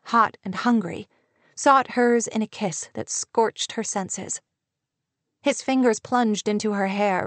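A woman narrating a romance novel in a steady, even storytelling voice. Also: mid-range voice, no echo. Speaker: audiobook narrator. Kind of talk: scripted narration.

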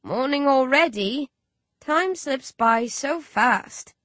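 A woman's voice: high-pitched, expressive, slow pace, fairly bright tone, dry recording, pitched above the performer's own voice, exaggerated voice. A woman voicing Dan Dan, a smug simpering creep. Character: crude smug male child-killing creep.

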